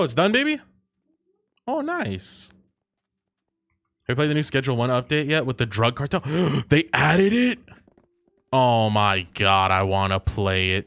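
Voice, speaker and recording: A man's voice: on the low side, a bit bright, clean tone, no echo. Profane, teasing male streamer. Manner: profane, teasing, bursts into laughter. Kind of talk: casual gaming chat.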